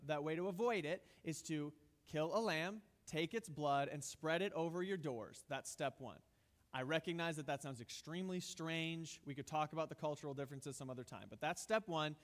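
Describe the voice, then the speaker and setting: Man, pastor, sermon, high-pitched voice, chatty and emphatic, joking asides. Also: in a large hall. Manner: conversational and emphatic, with light humor.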